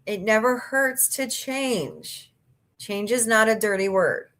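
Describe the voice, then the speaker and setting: A woman's voice: fairly high pitch, slow pace, fairly bright tone. A woman hosting a casual livestream, reading out viewer comments and chatting with sarcastic jokes and laughs. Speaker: livestream host.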